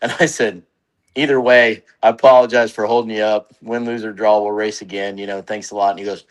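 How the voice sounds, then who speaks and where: A man's voice: lowish voice, level tone, brisk, rough recording. A man telling race stories in casual radio chat, laughing often.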